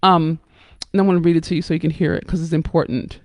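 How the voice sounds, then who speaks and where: A woman hosting a live stream, talking in an emphatic, blunt and profane way, with sudden jumps up in pitch and loudness and frequent check-ins with her listeners. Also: steady tone, fast, no echo, clean studio sound. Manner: coaxing, checks in with listeners often. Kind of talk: impassioned live-stream talk.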